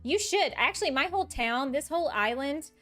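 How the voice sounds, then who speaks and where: A woman's voice: high voice, expressive, a little fast, sharp tone, faint music behind. A woman streaming a game, chatting casually with viewers in a chatty, self-mocking way and laughing often. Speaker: live-streaming gamer. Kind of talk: casual gameplay chat with viewers.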